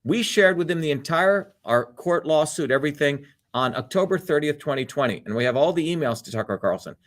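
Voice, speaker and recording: A man's voice: fairly high pitch, animated, fairly quick. A man hosting his own live show, delivering a fiery, blunt and profane monologue. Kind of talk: livestream monologue.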